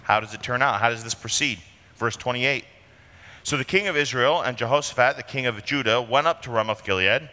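A man's voice: mid-range voice, brisk, bright, forceful tone. A man preaching an expository sermon as pastor, talking conversationally and asking rhetorical questions, in a church sanctuary. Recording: long hall reverb.

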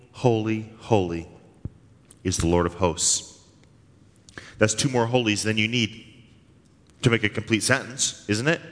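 A man's voice: mid-range voice, a bit bright. Earnest preaching man in a reverberant hall. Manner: emphatic, earnest preaching with slow drawn-out stresses. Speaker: pastor. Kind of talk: sermon.

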